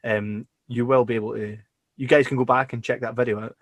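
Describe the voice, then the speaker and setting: A man's voice: medium pitch, fairly quick, no room sound, studio quality. A Scottish man co-hosting a podcast, chatting casually and jokily, swearing freely. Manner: swears freely, lively and jokey. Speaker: podcast co-host.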